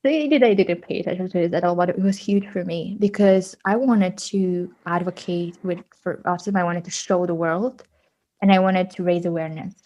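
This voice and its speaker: A woman guest, telling stories in a casual podcast interview and acting out quoted dialogue with big pitch jumps. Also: moderate pace, warm tone. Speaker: podcast guest, autism advocate.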